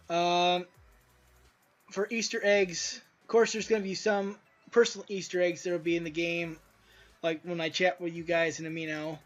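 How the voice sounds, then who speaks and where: A man with a high, light voice talks through gameplay in a loose, rambling way, tossing in crude asides as he goes. The audio is a bit dull and lo-fi, with faint music underneath. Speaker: indie game developer. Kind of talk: casual gameplay commentary.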